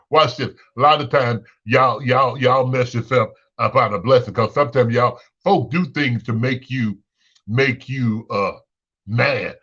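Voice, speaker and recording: A blunt, sassy male talk host from Chicago rants straight to his listeners, his voice leaping high whenever he is fed up. His tone is bright and forceful throughout. The recording is dull and lo-fi. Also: takes it slowly, slightly rough. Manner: blunt, sassy, swings pitch up when exasperated. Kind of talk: unscripted monologue rant.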